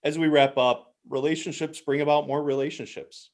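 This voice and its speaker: A man hosting a ministry podcast, asking friendly, thoughtful questions with a casual, halting flow. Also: fairly high pitch, little pitch movement, a little mellow. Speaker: podcast host. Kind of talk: conversational podcast interview.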